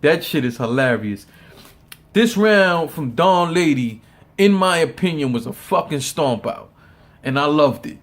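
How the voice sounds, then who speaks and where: A man's voice: fairly high pitch, expressive, a little slow. Man giving loose profane rap commentary. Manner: loose and profane, repeats words, laughs often. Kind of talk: casual opinion commentary.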